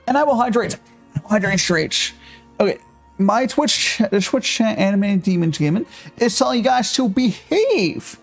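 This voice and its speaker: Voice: mid-range voice, darkish tone. A live-streamer reading quest text aloud and stopping to react to viewer chat, with fillers and restarts.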